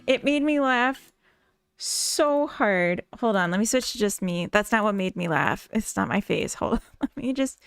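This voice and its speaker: A woman's voice: mid-range voice, gravelly, smooth, no echo, studio quality. A Minnesotan woman chatting casually with viewers on a live stream, rambling and giggling often. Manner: giggly, rambling, full of fillers. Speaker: live-streaming game developer.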